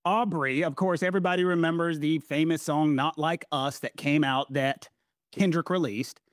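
A man as a podcast guest explaining a legal case in an earnest, measured way. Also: on the high side, fairly even intonation, no room sound, clean studio sound. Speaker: podcast guest, constitutional law commentator. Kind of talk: explanatory conversation.

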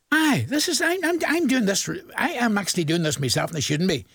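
An older man with a Northern Irish accent chats through listener greetings on his radio show, teasing and laughing along the way. His voice is gravelly and a touch husky, sitting a little high for a man. The recording is dry and close. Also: big pitch swings, a little fast, few pauses, fairly bright tone, no room sound. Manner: chatty, teasing, laughs often. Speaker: radio presenter. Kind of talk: casual radio shout-outs.

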